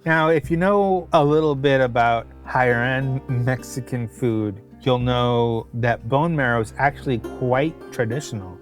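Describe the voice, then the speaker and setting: A man's voice: medium pitch, measured pace, hardly any pauses, faint music behind. A man co-hosting a podcast and telling a long restaurant story in casual chat, with exasperated asides. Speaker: podcast co-host, restaurant critic.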